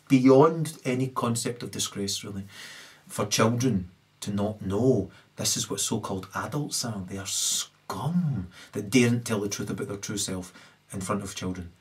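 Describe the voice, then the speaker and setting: A man's voice: lowish voice, moderate pace. A man in a rambling, ranting monologue, constantly tagging his points with questions. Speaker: commentator.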